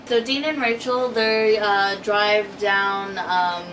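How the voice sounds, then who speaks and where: A woman's voice: mid-range voice, steady tone, slow pace, fairly bright tone. A woman co-hosting a casual TV recap, chatty and giggly, acting out quotes as she tells the story. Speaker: co-host of a TV recap channel. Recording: distant mic with noisy background.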